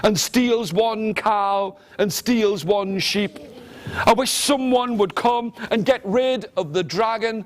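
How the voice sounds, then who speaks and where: A man voicing a worried old male farmer who laments a dragon stealing his animals, speaking slowly. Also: high-pitched, voice pushed up. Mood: lamenting.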